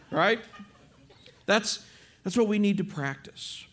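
Man, middle-aged, pastor, high voice, lively preaching, acts out conversations. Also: takes it slowly, pauses often. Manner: animated storytelling, acts out dialogue. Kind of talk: sermon.

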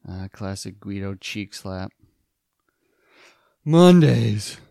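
A man's voice: medium pitch, moderate pace, a little mellow, clean tone, no echo, studio quality. A man riffing on a movie with sarcastic, wisecracking asides. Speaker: movie riffer. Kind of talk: riffing commentary over a movie.

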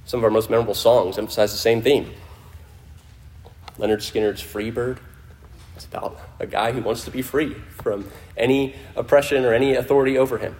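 A man preaching a sermon to a congregation in a conversational way, often restarting phrases and dropping his voice low for emphasis. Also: steady tone, fairly quick, darkish tone, a little hiss or hum. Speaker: pastor. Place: church in front of a congregation.

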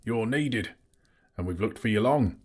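A man's voice: fairly low pitch, animated, measured pace, pitched above the performer's own voice. A man voicing an earnest, plain-spoken man who searches a battlefield for survivors. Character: swift, sure-footed man searching a battlefield.

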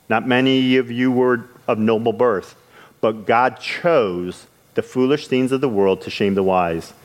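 A man preaching a sermon in an earnest way, with halting restarts, his voice rising when he retells scripture scenes. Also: on the low side.

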